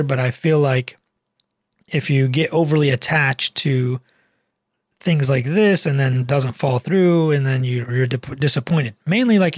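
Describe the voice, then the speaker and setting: A man's voice: medium pitch, slightly rough, no echo, studio quality. A man, a cardiologist, talking casually to camera in a dismissive, exasperated and rambling way, full of fillers. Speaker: cardiologist and channel host.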